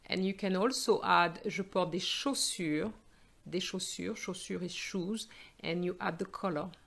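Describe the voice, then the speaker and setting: A French woman teaching a language lesson, modelling phrases, translating them, and announcing each question number clearly. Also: fairly low pitch, unhurried, fairly bright tone. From France. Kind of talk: slow explanatory language lesson.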